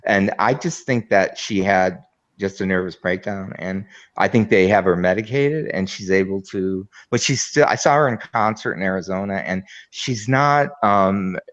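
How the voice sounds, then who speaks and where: A man's voice: low voice, normal speed, a bit bright. Rambling man on a lo-fi mic. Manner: rambling, hesitant, many fillers. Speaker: panel guest. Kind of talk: casual online group chat. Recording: dull lo-fi microphone.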